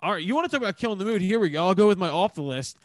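High-pitched dude cussing a lot on a podcast, dry close sound. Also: male voice, lively intonation, racing, no room sound. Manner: emphatic, swears a lot. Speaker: podcast co-host. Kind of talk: casual chat.

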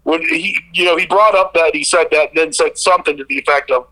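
A man co-hosting a sports podcast, telling stories in a rambling, animated way with lots of fillers. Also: a little high, fast talker, hardly any pauses, low-quality recording. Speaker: podcast co-host. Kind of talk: casual sports chat.

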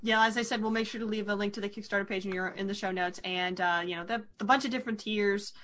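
A woman's voice: medium pitch, steady tone, fast talker, a bit bright. A woman hosting a podcast in casual chat, rambling with lots of fillers and restarts. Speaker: podcast host.

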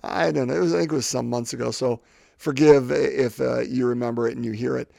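A man's voice: medium pitch, fairly even intonation, brisk, vocal fry, mellow, no echo, studio quality. A man in his fifties hosting a faith podcast, talking reflectively and often repeating words as he gathers his thoughts. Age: 50s. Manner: rambling, repeats words while thinking. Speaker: podcast host.

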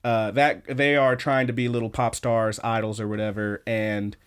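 A young man co-hosting a podcast in casual chat, excitable and freely swearing as he recaps an anime. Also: fairly low pitch, moderate pace, clear, resonant tone. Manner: excitable, swears freely, quotes scenes in voices. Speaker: podcast co-host.

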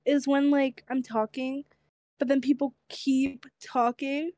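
Higher-voiced young woman with a slight lisp. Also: flat delivery, darkish tone, dry recording. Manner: chatty, quick to laugh, repeats herself when tired. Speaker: podcast co-host. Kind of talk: casual chat.

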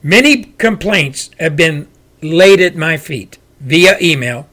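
A man hosting his own show, delivering a loud, forceful political rant. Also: on the high side, lively intonation, slow pace. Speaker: show host. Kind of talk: political commentary monologue.

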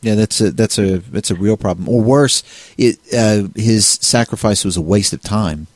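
A man's voice: fairly low pitch, normal speed, a little mellow, no room sound. A man co-hosting a casual discussion on faith, talking in a rambling way with many restarts and fillers. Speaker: co-host.

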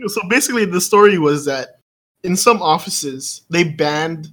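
A man's voice: fairly high pitch, expressive, unhurried, a bit bright. A man co-hosting a podcast, telling fun facts in a laid-back, casual way, often saying "dude". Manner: laid-back storyteller, says "dude" a lot. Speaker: podcast co-host. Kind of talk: casual chat.

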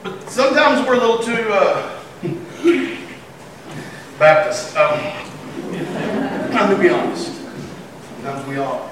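Slowly and with frequent pauses, a high-pitched pastor preaches a funny sermon punctuated by sudden excited shouts. He's heard from a distance in a highly echoey church sanctuary, with a faint hum and a crowd in the background.

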